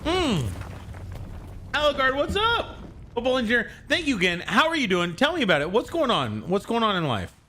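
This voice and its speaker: A man streaming a video game live, chatting with viewers and bursting into shouts at enemies, laughing often. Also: sits high, sing-song, fast, hardly any pauses, slight background noise. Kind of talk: live gameplay commentary. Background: game music and sound.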